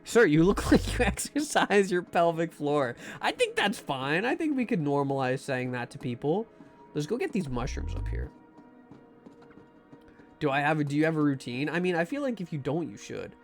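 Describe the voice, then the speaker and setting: Brief: young male streamer, lively slightly high voice, loose joking commentary to chat. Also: moderate pace, vocal fry, faint music behind. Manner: rambling, jokey, lots of restarts and asides. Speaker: livestreamer playing a horror game. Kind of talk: casual gameplay commentary to chat.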